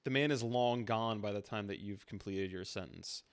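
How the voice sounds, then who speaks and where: A man's voice: fairly low pitch, normal speed, dry recording, studio quality. A man running a tabletop role-play as game master, narrating in a laid-back, matter-of-fact way.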